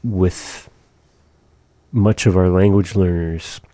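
Deep, mellow male language teacher; slow, patient, demonstrates sounds. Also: steady tone, no room sound. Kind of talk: explaining pronunciation.

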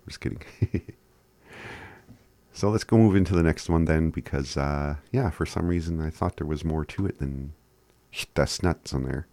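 A man giving a casual language lesson, laid-back and chuckling often as he spells words out slowly. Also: a bass voice, darkish tone, dry recording. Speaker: language teacher.

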